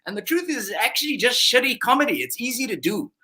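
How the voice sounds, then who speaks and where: A man's voice: extremely high pitch, sing-song, sharp tone, full character voice. A ventriloquist voicing a cheeky, outspoken male puppet sidekick, joking sarcastically over a video call. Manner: sarcastic, quick jokes, mock outrage. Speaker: puppet comedian guest.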